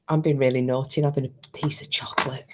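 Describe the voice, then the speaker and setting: A woman's voice: a bass voice, little pitch movement, fast, noisy background. A woman chatting casually and bluntly on a live stream, swearing freely as she talks to her viewers.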